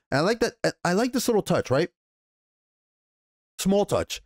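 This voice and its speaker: A man giving a casual, rambling TV episode recap and review, excitable and profane, with many restarts. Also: high-pitched, moderate pace, no room sound, studio quality. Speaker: TV show reviewer.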